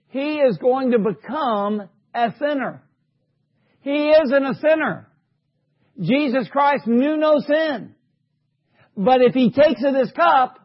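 High-voiced, fervent preacher man. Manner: asks the congregation rhetorical questions; fervent, rising to shouts. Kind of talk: sermon. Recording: dull lo-fi recording.

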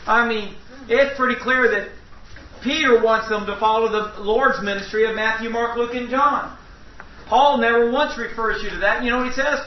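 A man's voice: very high voice, fairly even intonation, moderate pace. A man teaching a Bible study to a small group in a folksy, emphatic way, joking with his listeners. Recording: echoey room, distant mic, dull lo-fi.

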